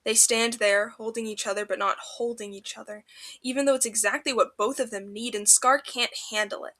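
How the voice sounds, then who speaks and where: A woman narrating fanfiction for a podcast with an expressive, emotional delivery. Her voice is bright and a touch high, and she reads in a storybook manner. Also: fairly quick.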